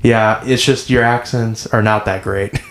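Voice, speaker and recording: A man's voice: lowish voice, steady tone, measured pace, a bit bright. A young man co-hosting a podcast in casual chat, laid-back, laughing often, with short dry replies. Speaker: podcast co-host. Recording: roomy echo.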